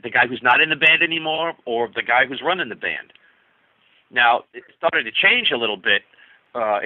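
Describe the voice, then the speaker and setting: A man's voice: medium pitch, no echo. A male musician guest telling a long rambling story over what sounds like a narrow, tinny phone line. The sound is dry and close, with many restarts and "you know"s as he goes. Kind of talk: casual storytelling.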